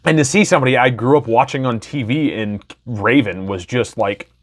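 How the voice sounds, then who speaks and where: A man's voice: medium pitch, normal speed, few pauses. A man in his thirties from Wisconsin telling his personal story in a candid, enthusiastic, casual way. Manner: candid, enthusiastic, loose with fillers. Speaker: podcast host.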